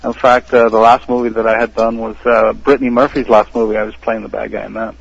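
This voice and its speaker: A man from the United States, an actor and podcast guest, telling stories in a casual interview, animated and laughing often. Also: lowish voice, fast talker, gravelly, husky, dull audio.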